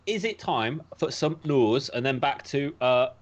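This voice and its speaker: A man's voice: medium pitch, lively intonation, a little slow. A man from the United Kingdom co-hosting a casual podcast chat, reading news aloud with jokey, sarcastic asides. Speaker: podcast co-host.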